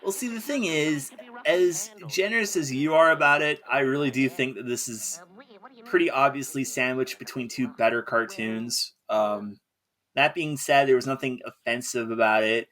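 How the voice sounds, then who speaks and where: A man chatting casually as a co-host reviewing old cartoons, measured and opinionated with dry humor. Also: mid-range voice, fairly bright tone. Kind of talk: casual chat.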